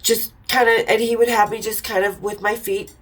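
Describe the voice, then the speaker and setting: A woman's voice: fairly high pitch, little pitch movement, moderate pace, husky, poor audio. Frank woman spilling racy stories. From Utah. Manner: frank, irreverent, laughs while telling stories. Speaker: podcast host telling stories. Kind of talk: casual storytelling.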